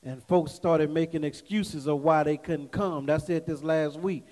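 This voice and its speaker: A man's voice: fairly high pitch, darkish tone. A male pastor preaching a sermon in a church, talking to the congregation like a neighbor and calling for "amen" as he goes. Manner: conversational preaching with call-and-response asides. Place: church sanctuary. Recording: echoey hall reverb.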